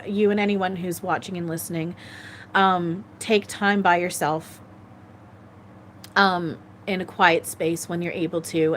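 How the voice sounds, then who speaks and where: Earnest woman psychic, halting speech. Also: lowish voice, a little hiss or hum. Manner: halting, searching aloud for words. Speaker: psychic medium. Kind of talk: live-stream channeling reading.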